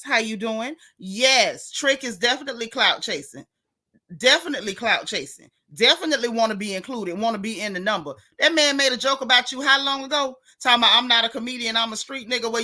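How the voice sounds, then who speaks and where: A woman's voice: on the high side, bright, forceful tone. A woman hosting a casual gossip livestream, talking in a sassy drawl and greeting her viewers.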